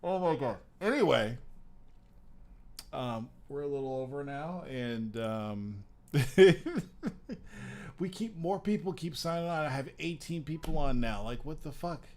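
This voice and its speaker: A man's voice: mid-range voice, expressive, measured pace, a little mellow. Swearing, laughing casual male streamer. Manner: rambling, swears a lot, laughs at himself. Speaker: host. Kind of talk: casual livestream chat.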